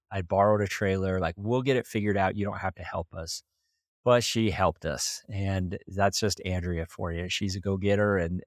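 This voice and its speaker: Deep-voiced man telling a story. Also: no room sound, clean studio sound. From Idaho, USA. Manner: earnest, heartfelt, with light laughs. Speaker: podcast host. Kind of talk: personal storytelling.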